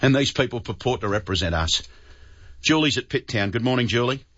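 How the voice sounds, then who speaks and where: Australian male talkback host, indignant, forceful delivery, dry muffled broadcast sound. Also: mid-range voice, animated, fairly quick, dry recording. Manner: indignant, forceful, repeats words. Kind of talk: talkback radio commentary. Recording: dull, dry radio broadcast.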